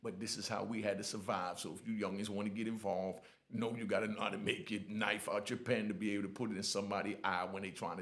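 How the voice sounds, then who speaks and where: A middle-aged man telling his own prison stories in blunt, lively street talk, often asking "you know what I mean". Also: medium pitch, gravelly. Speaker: storyteller sharing prison stories. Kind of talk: casual storytelling.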